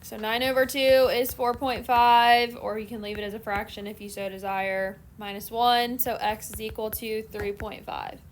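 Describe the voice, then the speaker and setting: Lady math teacher walking a class through equations, kinda high voice, faint hiss behind. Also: normal speed, hardly any pauses. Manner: steady step-by-step explaining. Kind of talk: classroom lecture.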